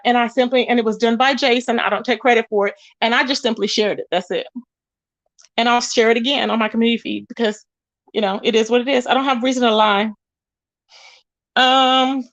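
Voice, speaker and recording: High-voiced chatty woman on a livestream. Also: a bit bright, no room sound. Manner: chatty, greets viewers with pet names. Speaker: livestream host. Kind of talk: casual gossip livestream. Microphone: phone.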